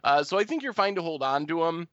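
A man on a casual podcast, thinking aloud and giving measured advice with a dry wit. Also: a little high, big pitch swings, fairly bright tone, no echo. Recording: dull, dry lo-fi podcast audio.

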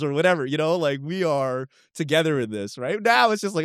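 A man co-hosting a podcast in casual chat, talking fast and opinionated and tagging his points with "right?". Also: a little high, lively intonation, fairly bright tone, dry recording, studio quality. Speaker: podcast co-host.

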